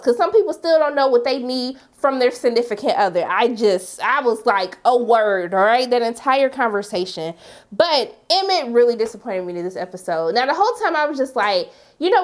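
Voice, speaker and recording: Animated high-voiced woman recapping TV. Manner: animated, talks straight to the characters. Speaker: TV recap host. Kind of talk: casual TV episode recap.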